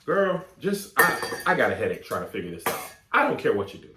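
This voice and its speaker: Animated comedian in an echoey room. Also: male voice, mid-range voice, quick pace, background noise. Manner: animated, mock-serious, coughing fits as a bit. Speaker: comedy advice host. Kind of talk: comedic advice show, reading letters.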